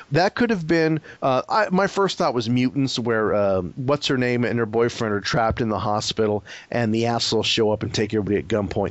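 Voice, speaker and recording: A man's voice: mid-range voice, dry recording. Sarcastic man reviewing movies. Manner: rambling, sarcastic, mocks characters in quick put-on voices. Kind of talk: casual profane review chat. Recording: dull lo-fi podcast audio.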